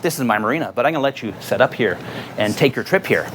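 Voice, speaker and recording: A man's voice: medium pitch, lively intonation, background noise, natural voice. A man putting on the voice of a twitchy, erratic stranger who pushes offers and repeats himself. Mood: pushy. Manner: rapid insistent repeating himself. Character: erratic twitchy shirtless man, pushy and unhinged.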